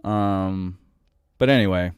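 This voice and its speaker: A man's voice: low voice, slow pace, clear, resonant tone, dry recording, clean studio sound. A man in his thirties hosting a podcast, ranting in a casual, exasperated, profane way. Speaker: podcast host.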